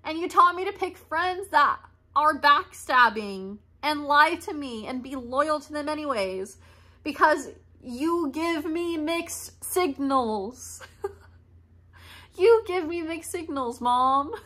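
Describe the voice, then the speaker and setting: Young woman, bright and slightly high voice; raw, blunt confessional monologue. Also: expressive, takes it slowly. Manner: blunt, emotional, swears freely. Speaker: podcast host. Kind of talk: candid monologue.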